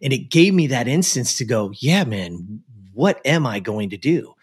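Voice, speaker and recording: An American man of middle pitch tells a personal story in conversation as a guest. He speaks earnestly and with emphasis, and leans on casual fillers as he goes. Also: expressive, moderate pace, slightly rough. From United States. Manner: earnest and emphatic, with frequent "like" and "you know".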